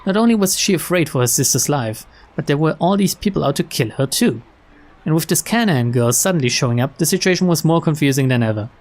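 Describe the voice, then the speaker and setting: A young man reading a visual novel aloud, mixing flat narration with casual, chuckling asides. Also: a little high, fast talker. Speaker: let's player.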